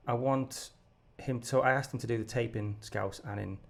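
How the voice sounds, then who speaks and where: A male podcast host with a mid-pitched, gravelly voice. He talks in an encouraging, animated way, often stammering and restarting his sentences. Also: moderate pace. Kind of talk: casual conversational interview.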